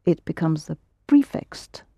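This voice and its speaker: A woman teaching a lesson, patiently prompting students and correcting them, slowing down to model phrases. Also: dark tone, no room sound. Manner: patient, prompting and correcting, slows for Russian words. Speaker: Russian language teacher.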